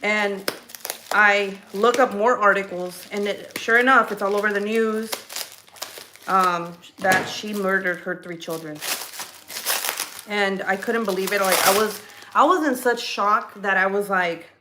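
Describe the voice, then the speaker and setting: A woman's voice: medium pitch, noisy background. A woman chatting casually at home, telling a personal story with lots of fillers, restarts and swearing. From California. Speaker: livestream host. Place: home kitchen.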